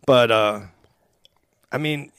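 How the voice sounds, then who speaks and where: A man's voice: mid-range voice, slow, a bit bright, clean tone, dry recording, studio quality. A man hosting a podcast in casual chat, asking conversational, probing questions of his guest. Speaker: podcast host.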